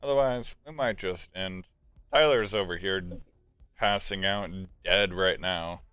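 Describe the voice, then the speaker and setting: A man's voice: deep voice, a little slow, a bit bright, clear, resonant tone, no room sound, soft background music. A man hosting a casual podcast, answering viewer questions bluntly and swearing freely. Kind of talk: casual chat. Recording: dull, muffled recording.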